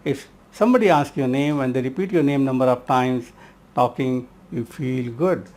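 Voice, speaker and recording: A man's voice: medium pitch, moderate pace, darkish tone. A middle-aged man from India giving a spoken self-help lesson, emphatic and repeating key words, calling the listener his friend.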